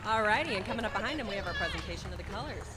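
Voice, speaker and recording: A woman's voice: medium pitch, lively intonation, very fast, over a noisy crowd, very noisy. A young woman announcing a street parade outdoors on a radio feed, bubbly and playful as she shares facts. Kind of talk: live event commentary.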